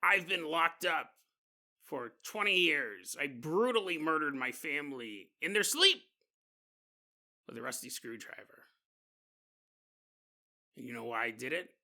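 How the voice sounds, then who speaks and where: A man voicing a creepy, murderous male convict who talks slowly and in a hushed, menacing way. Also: fairly high pitch, expressive, heavily acted.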